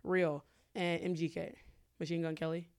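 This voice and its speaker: A young woman hosting a podcast in casual chat, blunt and quick to swear. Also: on the low side, little pitch movement, a little mellow. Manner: blunt, swears freely, reads questions off a script. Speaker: podcast host.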